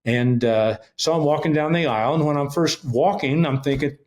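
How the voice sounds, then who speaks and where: A man's voice: on the high side, normal speed, darkish tone. A middle-aged man, a ministry leader and interview guest, earnestly telling his personal testimony and acting out the dialogue as he goes. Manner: earnest storyteller, retells events with quoted dialogue.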